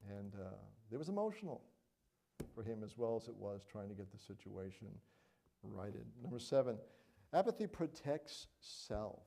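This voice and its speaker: A man's voice: lowish voice, very animated, moderate pace, vocal fry, dark tone. A middle-aged man preaching a sermon as pastor, earnest and conversational, often checking in with "all right?" and "you know".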